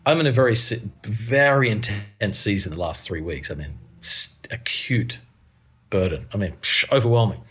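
A man's voice: fairly low pitch, normal speed, slightly rough. A middle-aged man, a pastor talking earnestly and animatedly in a casual podcast interview. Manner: earnest, animated storytelling with laughs. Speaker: pastor and guest.

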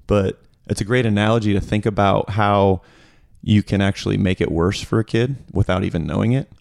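A man's voice: on the low side, steady tone, brisk, gravelly, a little mellow, dry recording, clean studio sound. A man co-hosting a podcast in casual chat, telling stories in a rambling way. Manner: rambling storyteller, acts out quotes. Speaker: podcast co-host.

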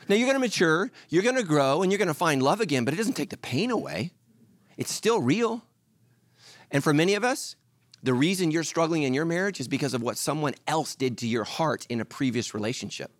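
A middle-aged male pastor preaching a sermon, telling stories and acting out voices with lively energy. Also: on the high side, a little fast, no echo. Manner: animated storytelling, acts out voices.

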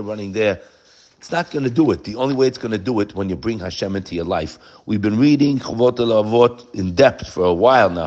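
Emphatic man giving a Torah talk. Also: mid-range voice. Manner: animated, emphatic preaching with Hebrew quotes. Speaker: Torah teacher.

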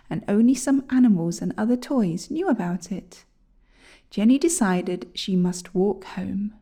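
A woman reading a children's storybook aloud, gentle and often near a whisper. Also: mid-range voice.

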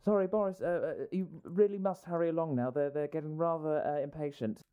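A man's voice: fairly high pitch, fast talker, warm tone, clear, resonant tone, dull audio, close to an everyday voice. A man voicing a timid, anxious government aide who stammers and apologizes. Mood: nervous.

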